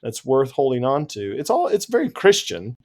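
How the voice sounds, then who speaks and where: Animated man chatting about books. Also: medium pitch, normal speed. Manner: animated, laughs easily. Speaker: podcast co-host. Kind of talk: casual book discussion.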